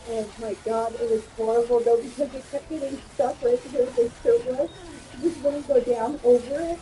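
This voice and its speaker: A woman streamer chatting casually while she games, telling stories in an animated way, acting out quotes and swearing freely. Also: on the high side, normal speed, rough recording. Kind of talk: casual chat while gaming.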